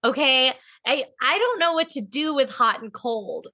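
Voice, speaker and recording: A woman co-hosting a podcast who talks in a bright, sharp voice that rises and falls a great deal. She chats casually and animatedly, laughs easily and lets the odd swear word slip. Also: high voice, expressive, moderate pace. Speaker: podcast co-host. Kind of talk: casual recap chat.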